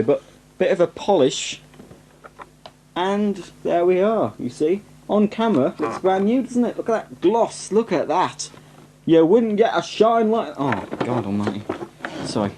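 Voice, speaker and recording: A man's voice: high voice, noisy background. A young man with a northern English accent, chatting and rambling cheerfully on a home video about his collection, self-mocking and full of asides. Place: at home, indoors. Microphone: camcorder microphone on a tripod. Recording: 1990s camcorder home video.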